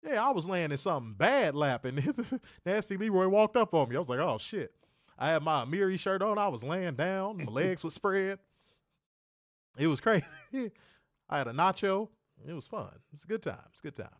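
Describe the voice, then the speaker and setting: A man co-hosting a casual livestream, loud and joking. He swears freely, laughs often and swings from shouts down to mutters. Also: sits high, very animated, normal speed, no room sound, clean studio sound. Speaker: livestream co-host.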